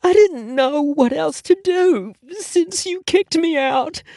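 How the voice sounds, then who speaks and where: A man's voice: extremely high pitch, slow pace, creaky, dark tone, dry recording, studio quality, voice pushed up, heavily acted. A man voicing a distraught woman client who talks breathlessly and whimpers through sobs in an audiobook. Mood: tearful. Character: distraught sobbing woman, client with ruined hair. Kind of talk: audiobook character voice.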